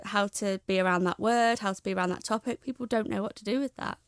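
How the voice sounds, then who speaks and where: A young woman, a guest in an interview, speaking frankly and reflectively in a steady way. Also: medium pitch, a little fast, clean tone, dry recording, studio quality. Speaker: guest, charity founder. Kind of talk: candid interview talk.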